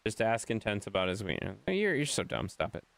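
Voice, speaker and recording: A man's voice: on the low side, wildly swooping pitch, a little fast, gravelly, fairly bright tone, no echo. A man from Wisconsin with a Wisconsin accent, streaming a game and bantering with his chat in a playful, mock-exasperated way.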